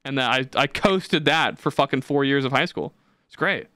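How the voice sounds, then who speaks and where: A young man hosting a podcast, telling stories in a profane, ranting, animated way. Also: mid-range voice, normal speed, dry recording. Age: young adult. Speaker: podcast host. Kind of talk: casual podcast chat.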